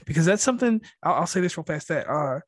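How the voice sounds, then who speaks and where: Earnest host with a slightly high voice. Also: male voice, lively intonation, no echo, studio quality. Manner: earnest and deliberate, with fillers. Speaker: podcast host. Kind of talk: interview questions.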